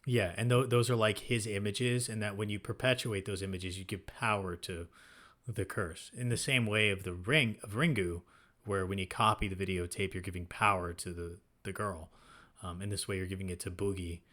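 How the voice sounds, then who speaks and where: Low-voiced man musing aloud. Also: steady tone, normal speed, fairly bright tone. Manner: thinking aloud, many restarts and "right?" checks. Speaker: podcast co-host. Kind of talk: casual film discussion.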